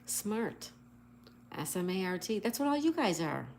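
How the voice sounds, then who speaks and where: A woman's voice: mid-range voice, very animated, a little slow, a little mellow, a little hiss or hum. A woman hosting a casual livestream, cheerfully spelling out words letter by letter and reading viewer comments aloud. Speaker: livestream host.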